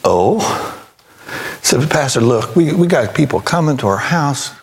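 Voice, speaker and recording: A man's voice: medium pitch, expressive, a little slow. An older man preaching a sermon as pastor, telling a story in a folksy way and acting out both sides of the conversation, then rising to emphatic preaching.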